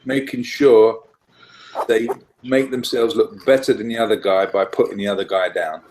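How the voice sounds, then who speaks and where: A man's voice: lowish voice, steady tone, normal speed. Blunt man over faint background noise. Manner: blunt, matter-of-fact.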